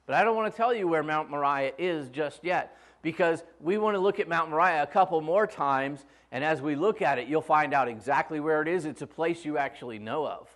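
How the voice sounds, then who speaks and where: A high-voiced man preaching in church. He talks in a relaxed, conversational way and slips in humor as he retells a story. His delivery often slows for emphasis. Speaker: pastor. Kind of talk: sermon.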